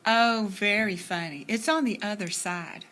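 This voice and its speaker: A woman voicing a bossy, sharp-tongued young girl who talks with sarcastic impatience. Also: mid-range voice, unhurried, close to an everyday voice.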